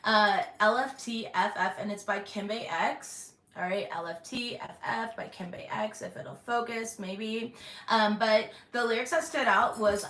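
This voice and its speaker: A woman hosting her channel from her bedroom, giving a casual intuitive tarot reading, chatty with many "um"s and throat-clearings. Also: medium pitch, fairly even intonation, measured pace, fairly bright tone. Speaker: tarot reader and channel host. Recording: echoey bedroom, faint background hum.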